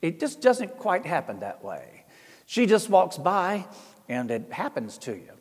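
A man's voice: high voice, huge pitch swings, a little slow, husky. A middle-aged man with an Appalachian Southern accent, an Orthodox priest telling folksy, self-deprecating stories and acting out the voices he quotes. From American South. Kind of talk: storytelling talk. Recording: long hall reverb.

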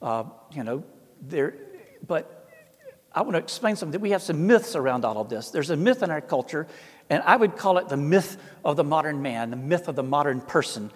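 A middle-aged priest with a thick Appalachian Southern drawl speaks in a fairly high voice. He talks in a folksy, self-deprecating storytelling way and acts out the voices in his tales. His voice rings with a long reverb, as if he is in a big hall. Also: lively intonation, moderate pace. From American South. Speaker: Orthodox priest. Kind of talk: storytelling talk.

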